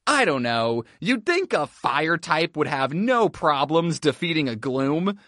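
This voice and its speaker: A man's voice: a little high, sing-song, a little slow, bright, forceful tone, no room sound, studio quality. A man giving jokey, playful narration over his video game playthrough, often talking to his characters. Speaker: gaming YouTuber. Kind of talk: comedic gameplay narration.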